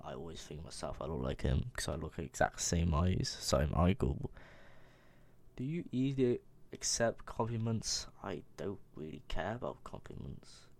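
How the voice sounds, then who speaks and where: A young man with a low, gravelly voice, reading out quiz questions and answering them himself. His replies are offhand and mumbled. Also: lively intonation, moderate pace, a little mellow. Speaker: vlogger. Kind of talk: casual Q&A vlog.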